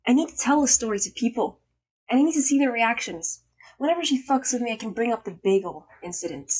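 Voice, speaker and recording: A young woman chatting to camera in a casual vlog, telling a story with plenty of emphasis and cursing. Her voice is husky and still a bit hoarse from a recent illness. She sits at a middling pitch for a woman. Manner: emphatic, swearing, animated storytelling. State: slightly hoarse after illness. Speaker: vlogger.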